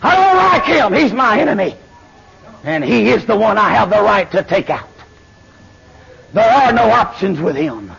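A man preaching a fiery sermon, swinging between shouted lines and low murmurs. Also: very animated, moderate pace, gravelly, long pauses, slight background noise. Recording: dull lo-fi sermon recording.

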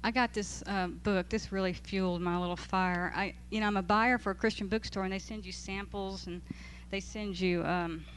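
A woman teaches a Bible study group in a steady, mid-range voice at a moderate pace, hardly pausing, with slight background noise. Her delivery is informal and amused, and she laughs as she reads scripture aloud.

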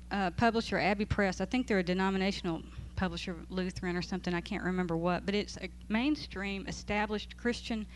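A woman's voice: medium pitch, slight background noise. Woman teaching a casual Bible study. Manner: conversational, amused, laughs while reading aloud. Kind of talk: church talk to a group.

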